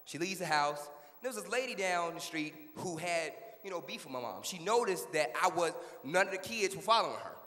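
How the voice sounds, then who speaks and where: Animated high-voiced male comic. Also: a little fast, big-room sound. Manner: animated, repeats punchlines. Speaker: stand-up comedian. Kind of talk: live stand-up storytelling.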